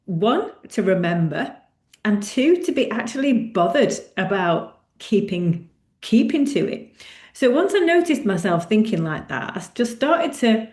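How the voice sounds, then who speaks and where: A woman's voice: mid-range voice, big pitch swings, measured pace, darkish tone, reverberant. A middle-aged woman coach talking candidly and reflectively on a coaching call, often laughing. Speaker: running club coach.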